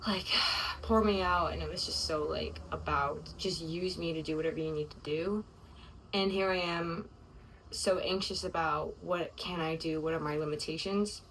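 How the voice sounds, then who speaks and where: A young woman with a fairly low voice talks through a casual confessional vlog, her sentences rambling and heavy with "like." She sounds openly emotional. The mic sits a little away from her, with faint room ambience underneath. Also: fairly even intonation, normal speed, fairly bright tone, recorded from a distance, slight background noise, low-quality recording. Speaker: vlogger. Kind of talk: casual confessional video diary.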